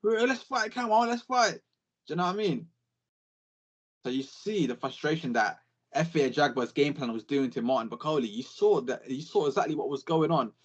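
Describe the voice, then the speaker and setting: A young man, talking boxing in a casual podcast chat, animated and full of swearing. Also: medium pitch, a little fast, breathy edge, dull audio. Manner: animated, sweary, repeats catchphrases. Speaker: podcast co-host.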